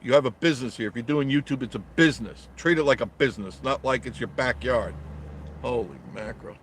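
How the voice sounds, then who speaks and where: A man's voice: medium pitch, brisk, slight background noise. Blunt joking man live-streaming from his car. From New York. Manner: blunt, joking, reads viewer comments aloud and answers them. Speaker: travel vlogger reading live chat. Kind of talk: casual live-stream chat from a parked car. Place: inside a car in traffic.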